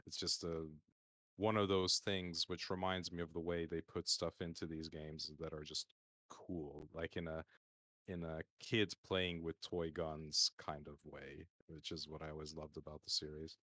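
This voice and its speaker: A man's voice: very deep voice, flat delivery, measured pace, a bit bright, dry recording, clean studio sound. A man chatting casually on a stream roundtable, talking in a rambling, hesitant way full of fillers and restarts, over a call mic. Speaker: community roundtable guest. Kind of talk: casual panel chat on a stream.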